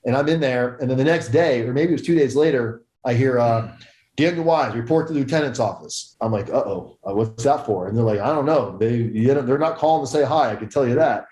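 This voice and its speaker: Young adult man, casual storyteller, profane, acts out voices, mellow tone, roomy echo. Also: medium pitch, quick pace, hardly any pauses. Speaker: podcast guest.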